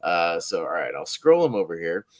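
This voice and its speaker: A man hosting a casual live-stream panel chat, rambling and filling pauses with "uh". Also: sits low, big pitch swings. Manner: rambling, heavy with "uh" fillers. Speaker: host.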